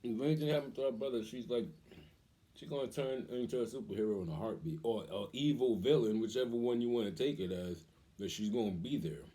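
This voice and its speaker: A middle-aged man and father telling family stories in a casual, animated way, acting out the voices he quotes and laughing often. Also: medium pitch, a little fast. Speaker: vlogger, father. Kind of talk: casual storytelling.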